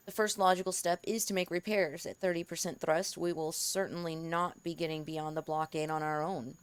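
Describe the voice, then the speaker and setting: A woman player speaking in character, formal and measured as she advises the captain. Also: on the low side, clear, resonant tone.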